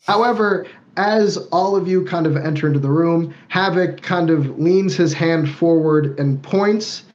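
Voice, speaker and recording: A man's voice: a little high, darkish tone, dull audio. A man working as game master, narrating a tabletop game in a loose, descriptive way with lots of fillers.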